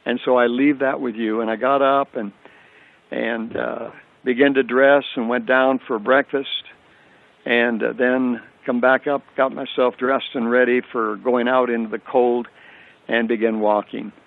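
An older man appears as a radio guest to share a personal faith story, earnest and repeating phrases for emphasis. His voice is an ordinary male pitch with vocal fry, delivered flatly and a little slowly over a thin, tinny phone line.

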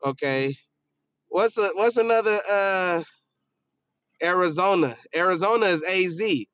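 A man's voice: sits high, a little slow, a bit bright. A man hosting a casual livestream, reading viewer comments aloud in a loose, joking and profane way, often trailing off into a mumble. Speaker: livestream host.

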